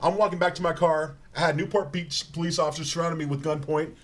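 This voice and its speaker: A man telling rambling, animated comic stories on stage as a guest, stumbling over his words and laughing as he goes. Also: a little high, fast. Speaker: guest comedian. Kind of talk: live comedic storytelling.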